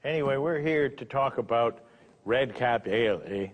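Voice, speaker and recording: An actor playing a grumpy hoser brother in an improvised sketch, often dropping into low, mumbled mutters. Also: male voice, animated, moderate pace, natural voice. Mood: sarcastic. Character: grumpy Canadian hoser brother, mocks his sibling. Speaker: sketch comedy co-host. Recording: echoey room with long reverb.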